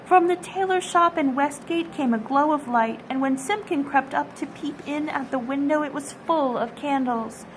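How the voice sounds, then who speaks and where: A woman reading a classic children's story aloud at a storytime, gentle and expressive. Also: high voice, normal speed, few pauses, slight background noise, poor audio. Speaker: storytime reader.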